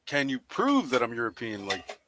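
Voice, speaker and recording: Man calmly demanding proof in a debate. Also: medium pitch, moderate pace, noisy background. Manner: calm, dismissive, keeps demanding proof. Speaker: caller in a debate. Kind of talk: argumentative debate.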